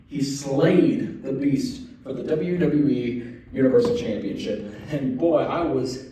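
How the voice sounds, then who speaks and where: A man's voice: fairly high pitch, takes it slowly, dark tone. A young man hosting a wrestling show, ranting in playful mock outrage and then apologizing. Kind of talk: animated solo wrestling commentary. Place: event center room. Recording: very echoey room, mic far off.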